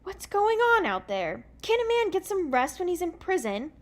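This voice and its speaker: A woman reading aloud and voicing a cocky young man, with a loose attempt at an English accent and a loud, teasing manner. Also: sits high, lively intonation, normal speed, pitched above the performer's own voice.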